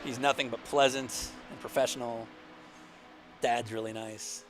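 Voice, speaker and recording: A man's voice: mid-range voice, fairly even intonation, unhurried. A man co-hosting a casual racing chat over a video call, with a mid-range voice. He jokes with dry sarcasm and slips into mock race commentary. The call audio carries constant background noise. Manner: joking, sarcastic, breaks into mock play-by-play. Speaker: podcast co-host.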